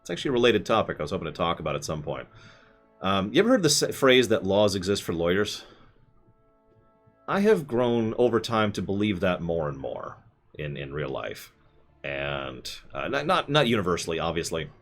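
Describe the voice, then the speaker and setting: A man's voice: low-pitched, big pitch swings, normal speed, faint music behind. A man streaming live, answering chat with rambling, self-correcting opinions.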